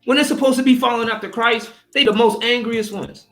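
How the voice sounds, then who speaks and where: A man's voice: very high-pitched, steady tone, a little fast, a bit bright. A man delivering a heated religious rant, profane and combative, mocking the people he argues against. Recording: echoey room with faint music.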